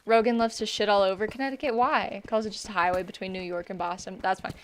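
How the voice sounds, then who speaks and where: A woman's voice: medium pitch, fairly even intonation, fast talker, clear, resonant tone. A woman streamer chatting casually and rambling to her viewers while she plays a game. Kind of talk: casual gaming chat.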